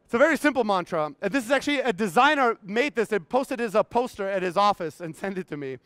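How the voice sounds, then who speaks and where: A man's voice: high voice, expressive, fast, a bit bright, no echo. A man in his thirties giving a blunt, profane motivational talk on a conference stage, acting out his own inner voices, his voice strained. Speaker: keynote speaker.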